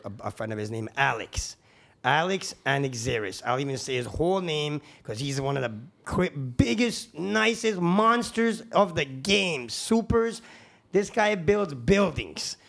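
A man who is a guest on a podcast, telling casual stories in quick run-on sentences that are animated, slangy and full of swearing. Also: mid-range voice. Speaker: podcast guest, construction crew founder. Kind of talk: casual storytelling.

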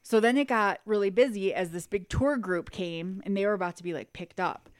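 Animated woman telling a story. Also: a little fast, no room sound, clean studio sound. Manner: animated storyteller, acts out quotes in high squeals. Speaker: podcast co-host. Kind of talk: casual chat.

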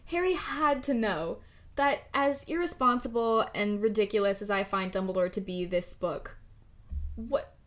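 A woman co-hosting a casual book-club podcast, animated and laughing often, full of "like" fillers. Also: mid-range voice, moderate pace. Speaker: podcast co-host.

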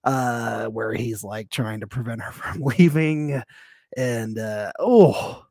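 A man's voice: mid-range voice, steady tone, slow pace, creaky, no echo, studio quality. Laughing man chatting on a podcast. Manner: laughs often, easygoing. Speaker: podcast co-host. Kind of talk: casual chat recapping a reality show.

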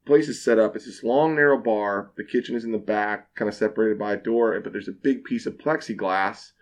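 A young man, a bartender, telling a wild story in casual podcast chat, animated and full of swearing. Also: on the low side, a little fast. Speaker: bartender guest.

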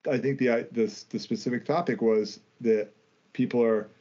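A man's voice: medium pitch, fairly even intonation, moderate pace, dark tone. Hesitant man on a lo-fi podcast. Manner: hesitant, many restarts, easygoing. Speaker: podcast co-host. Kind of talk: casual podcast chat. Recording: dull lo-fi podcast audio.

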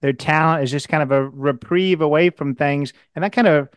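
Smooth-voiced earnest male host. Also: fairly high pitch, moderate pace, dry recording, clean studio sound. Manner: earnest, repeats words when starting. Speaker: podcast host. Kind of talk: interview questions, casual.

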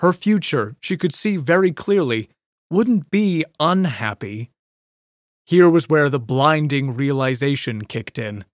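A storyteller reads in a slow, measured, reflective way at a middling pitch. The recording is dry and close, with no room sound. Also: lively intonation, no echo. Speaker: narrator. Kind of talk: scripted audiobook narration.

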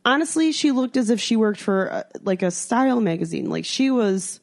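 A young American woman chatting on a podcast, telling a story and acting out what people said. She swears freely, and her pitch leaps up whenever she quotes someone. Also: animated, moderate pace, creaky. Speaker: podcast co-host. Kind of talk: casual chat.

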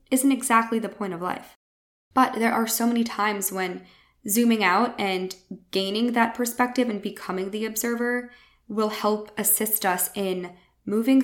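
A young adult woman hosting a spiritual wellness podcast, talking in an earnest, reassuring, conversational way. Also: mid-range voice. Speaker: podcast host.

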